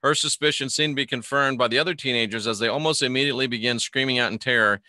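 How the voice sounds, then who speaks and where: Man, live stream host, bright forceful voice, rambling commentary, reads news aloud, dry close sound. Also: medium pitch, quick pace, no room sound. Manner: rambling, greets chat viewers by name mid-sentence. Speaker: host of a live Christian online show.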